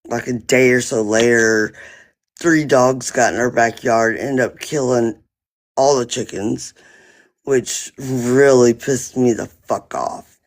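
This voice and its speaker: A man on a phone live stream, rambling through an indignant, profane story about a neighbor in casual chat. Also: medium pitch. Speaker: livestreamer.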